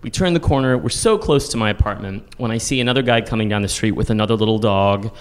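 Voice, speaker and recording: Animated man telling a personal story. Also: fast talker, clear, resonant tone. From Texas. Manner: animated, self-deprecating, voice jumps high when acting out panic. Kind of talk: live personal storytelling monologue.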